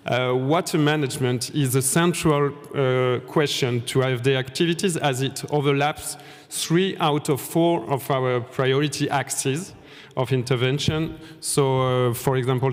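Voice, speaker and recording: A man giving a polite, formal presentation as a panel speaker in a conference room. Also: medium pitch. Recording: long hall reverb.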